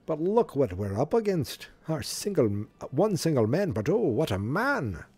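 A man voicing a flustered male police chief in a deliberately bad put-on accent, exclaiming and pleading. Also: fairly high pitch, sing-song, darkish tone, slightly rough, voice pushed up, full character voice.

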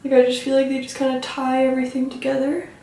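A woman's voice: sits high, monotone, quick pace, mellow. A young woman giving a chatty makeup tutorial, rambling along and teasing herself. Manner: rambling, self-teasing, filler-heavy. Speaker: beauty vlogger. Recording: echoey room, mic at a distance.

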